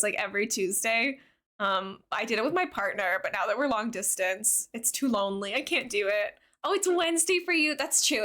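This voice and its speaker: A woman's voice: on the high side, sharp tone. A young woman streaming a game, chatting bubbly and giggly with her viewers and reading chat aloud. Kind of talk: casual livestream chat with viewers.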